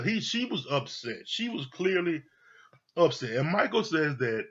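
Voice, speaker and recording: A man's voice: a little high, big pitch swings, a little slow, fairly bright tone, slightly rough. Blunt, profane man reviewing a reality show. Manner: blunt, profane, repeats himself. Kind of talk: casual opinionated commentary. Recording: dull lo-fi audio.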